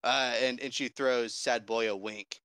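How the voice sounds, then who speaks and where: A man's voice: medium pitch, steady tone, measured pace, bright, forceful tone, smooth, no room sound. A man playing a tabletop game, narrating his moves hesitantly with stammers. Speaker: player. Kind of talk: casual tabletop play.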